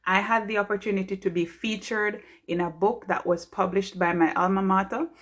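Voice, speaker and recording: A woman's voice: mid-range voice, fairly even intonation, brisk, a bit bright. A woman from Jamaica, a pharmacist giving an earnest, heartfelt motivational talk on a live stream.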